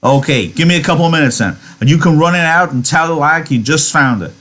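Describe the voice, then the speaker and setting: Teacher reading as a worried ranch worker, quick and urgent. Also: male voice, fairly high pitch, lively intonation, a bit bright, voice pushed up. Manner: urgent, clipped.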